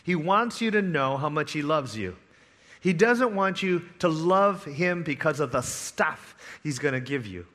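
A man preaching a sermon, telling a parable with dramatic swings between hushed, quiet lines and loud, eager ones. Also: a little high, lively intonation, unhurried. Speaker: pastor.

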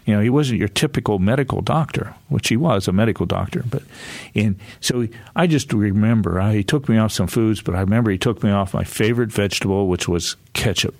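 A man's voice: lowish voice, fairly quick, vocal fry, a little mellow, dry recording. A man in his sixties, an author telling a casual, rambling story with frequent chuckles and restarts. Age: 60s. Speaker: author and guest speaker.

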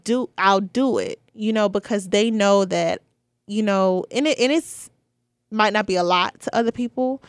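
Early-twenties woman, podcast host, casual heartfelt monologue, middle pitch, dry close sound. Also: moderate pace, dry recording. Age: 20s. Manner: chatty, heartfelt, with many fillers.

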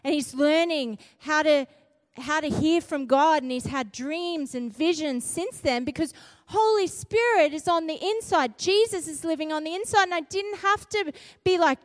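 Woman, middle-aged, preacher, high voice, dry close sound, storytelling sermon, emphatic. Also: normal speed, dry recording. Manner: animated, emphatic, repeats phrases.

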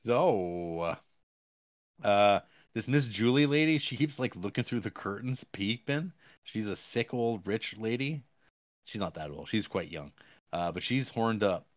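Lowish dry-voiced man recapping a film. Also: lively intonation, no room sound. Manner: rambling, halting retelling of the plot with crude jokes. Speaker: podcast co-host. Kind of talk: casual movie review chat.

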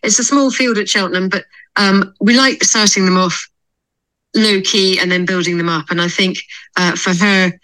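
A woman racehorse trainer being interviewed on a podcast, explaining her plans in a thoughtful, measured way. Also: medium pitch, fairly even intonation, bright, forceful tone, rough recording.

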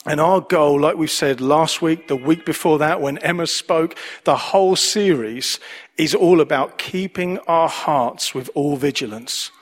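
A man's voice: on the high side, measured pace. A man preaching a sermon as pastor, earnest, repeating key phrases for emphasis.

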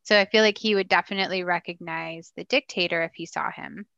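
A woman co-hosting a casual podcast, talking through her theories about a TV show. Her voice is bright and forward, and she slips into quick put-on voices when quoting characters. The sound is dry and a bit muffled. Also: on the low side, steady tone, creaky, no room sound. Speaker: podcast co-host.

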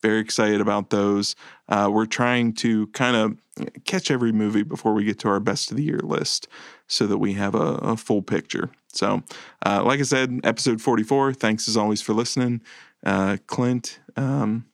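A man with a gravelly, fry-touched voice hosts a casual movie podcast chat. He rambles along in a relaxed, self-deprecating way. The sound is dry and close, with no room. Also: fairly low pitch, moderate pace, dry recording. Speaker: podcast co-host.

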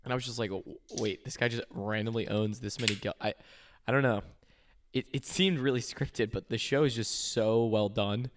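A man's voice: on the low side, moderate pace, noisy background. A young man co-hosting a podcast in casual chat, rambling with fillers and restarts. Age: young adult. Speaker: podcast co-host.

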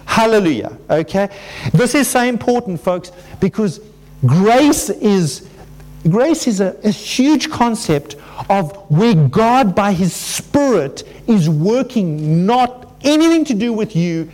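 A male pastor with a high, light voice delivers a sermon in an easy, conversational way. He often breaks off and restarts his sentences. He animates his points by acting out quoted inner voices. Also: very animated, slow, a little mellow. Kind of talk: sermon to a congregation.

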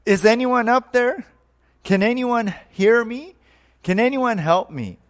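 A man's voice: very high-pitched, lively intonation, slow, pitched above the performer's own voice, exaggerated voice. A man voicing a panicked man hanging from a cliff branch, crying out frantic pleas for help. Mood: panicked pleading. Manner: frantic, pleading cries.

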